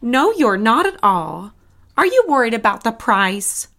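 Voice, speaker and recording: An actress playing a polished saleswoman in an audio drama, speaking in a smooth, solicitous way. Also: fairly high pitch, sing-song, unhurried, fairly bright tone, exaggerated voice. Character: polished woman, attentive dress shop saleswoman.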